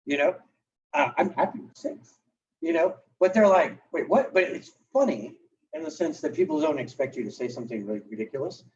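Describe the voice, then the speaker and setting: A man's voice: a little high, a little fast. A man coaching real estate agents in a live session, talking casually and acting out client exchanges. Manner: animated, conversational, acts out client dialogue. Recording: distant, dull lo-fi room recording.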